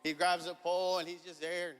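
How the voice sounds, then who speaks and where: A man's voice: high-pitched, little pitch movement, brisk, fairly bright tone, smooth, soft background music. A man in his thirties preaching a sermon, telling a family story in a casual, chuckling way and acting out the dialogue. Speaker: pastor. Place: church sanctuary. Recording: long reverb of a church hall.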